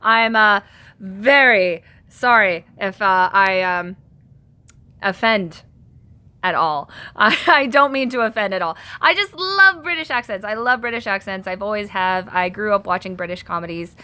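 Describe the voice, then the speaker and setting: A woman's voice: medium pitch, a little slow, pushed and bright, clean tone. A woman hosting a casual live stream from home. She reads viewer comments aloud and answers them, chatty and self-conscious, laughing often.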